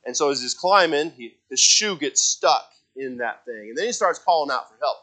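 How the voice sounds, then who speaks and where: A man's voice: fairly high pitch, lively intonation, normal speed, pushed and bright. A man preaching in a conversational way, telling a family story with many restarts and repeated words, and acting out quoted lines in a raised voice. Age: adult father of a young child.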